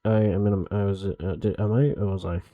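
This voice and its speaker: A man's voice: lowish voice, fairly even intonation, fairly quick, no room sound, narrow, tinny audio. A man streaming live, chatting casually and a bit ramblingly with his viewers as he greets them.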